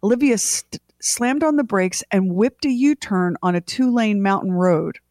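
Co-hosting morning radio, a middle-aged woman with a mid-range voice at normal speed dramatically retells a family story, restarting often and acting out quotes in animated, casual on-air storytelling. The recording is dry, with clean studio sound.

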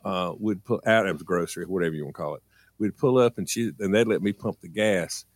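A man's voice: a little fast, no echo, studio quality. A man telling a funny childhood story on a radio show, acting out his mother's lines. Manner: animated, acts out his mom in a high voice. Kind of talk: casual storytelling on morning radio.

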